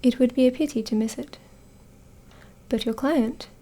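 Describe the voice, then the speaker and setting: A woman's voice: high-pitched, moderate pace. A woman whispering as a dry, confident detective, whispered role-play. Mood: brisk. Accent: Australian. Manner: soft and even, close to her own voice.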